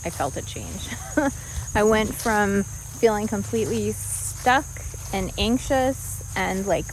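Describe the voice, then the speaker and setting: A woman speaks candidly to the camera while standing outdoors on her rural homestead. Her voice sits at a middle pitch, and she laughs easily as she talks. Faint insect sounds and outdoor ambience run behind her. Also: slow, slight background noise, rough recording. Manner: candid, animated, laughs often. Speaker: homestead vlogger. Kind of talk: casual talk to camera.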